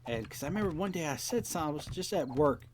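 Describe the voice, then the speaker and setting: A man's voice: on the high side, animated, rapid-fire, darkish tone, a little hiss or hum. A young man hosting a game let's play, rambling casually, swearing often and acting out quoted dialogue. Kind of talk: casual rambling commentary while playing.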